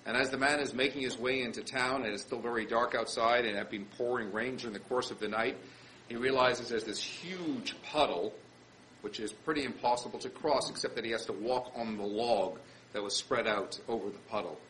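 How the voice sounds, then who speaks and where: A man, a rabbi, telling a story in an animated sermon style and acting out the quotes. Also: medium pitch, fairly quick, a little hiss or hum, low-quality recording.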